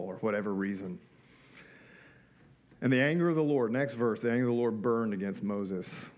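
A middle-aged pastor with a mid-range, slightly mellow voice preaches a sermon conversationally, posing rhetorical questions and tossing in joking asides.

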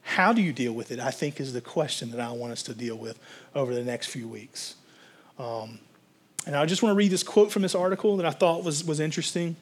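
Conversational male pastor, slightly high voice. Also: animated, a little fast, slightly rough. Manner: conversational, rambling with fillers and restarts. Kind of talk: sermon.

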